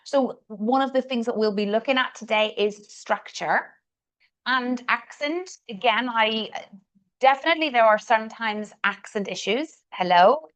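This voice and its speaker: A woman's voice: fairly high pitch, measured pace, a bit bright. Northern Irish woman coaching. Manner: encouraging, repeats words for emphasis. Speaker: communication coach. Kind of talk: live coaching session.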